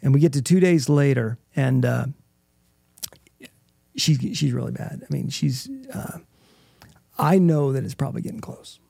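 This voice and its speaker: A middle-aged man, a guest in an interview, earnestly telling a personal testimony in halting bursts with restarts. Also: medium pitch, gravelly, warm tone, no echo, clean studio sound.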